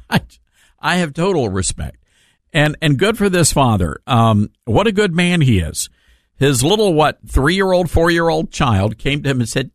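A man hosting a talk radio show and mocking his subject with a sarcastic edge. His voice sits a little high and sounds close and dry in the studio. He keeps slipping into chuckles between halting fillers. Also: big pitch swings, no echo.

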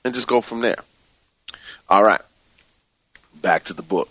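A man leading a spiritual book study, reading passages and explaining them slowly and calmly, often repeating soothing phrases. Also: lowish voice, no room sound.

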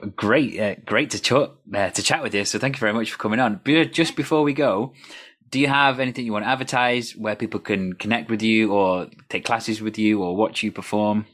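A man's voice: on the low side, brisk, a bit bright. A man hosting a podcast, talking casually with many hesitations and laughing along with his guest. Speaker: podcast host. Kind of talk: casual interview chat.

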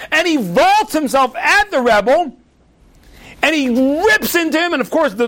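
A middle-aged man giving a sermon, telling stories with acted-out quotes in an animated way. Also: very high voice.

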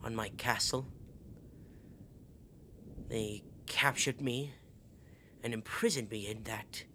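A man's voice: mid-range voice, slow pace, sharp tone, a little hiss or hum. Man doing a proud, bitter old count. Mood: grave.

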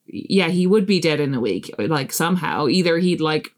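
A woman talking casually as a podcast guest. She retells a film in an animated way and slips into the voices she quotes. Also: sits low, normal speed. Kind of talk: casual chat.

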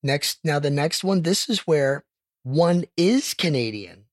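A man's voice: on the high side, lively intonation, measured pace, no echo. A man co-hosting a podcast, running a playful quiz and teasing his co-host in casual chat.

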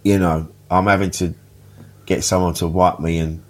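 A man's voice: low-pitched, level tone, moderate pace. A man, a podcast guest telling funny stories in casual chat, laughing often and swearing freely. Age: 50s. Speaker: interview guest.

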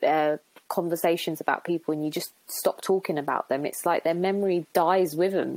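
Young woman, really low voice, heartfelt and rambly, lots of um and you know. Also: normal speed, few pauses, darkish tone, no room sound, poor audio. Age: young adult. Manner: open and heartfelt, with many fillers and restarts. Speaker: guest. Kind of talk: reflective podcast conversation.

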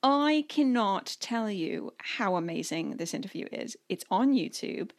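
A woman in her thirties from Canada co-hosting a podcast, telling a story in a chatty, animated way and often laughing. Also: mid-range voice, unhurried. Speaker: podcast co-host. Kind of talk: casual storytelling chat.

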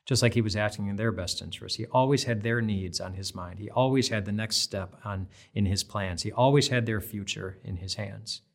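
A man's voice: lowish voice, fairly quick, vocal fry, hardly any pauses. A man giving an earnest, conversational devotional Bible talk, repeating phrases for emphasis. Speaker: devotional speaker.

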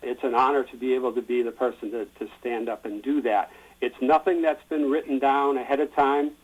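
A man explaining a tradition in a plain-spoken, relaxed way, with the odd filler. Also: mid-range voice, brisk, highs cut off. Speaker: guest explaining a Burns supper. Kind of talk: explanatory chat.

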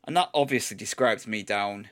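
A man's voice: on the low side, normal speed, a bit bright. A man co-hosting a podcast, chatting casually and teasing his friends. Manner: teasing, jokey. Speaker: podcast co-host. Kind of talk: casual chat.

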